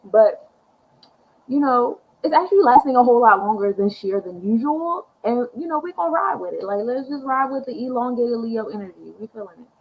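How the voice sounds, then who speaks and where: A woman's voice: on the high side, animated, a little fast, dull audio, slight background noise. A young woman hosting an astrology show, chatting casually in an upbeat, slangy, laid-back way. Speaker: astrology podcast host. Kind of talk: casual chat.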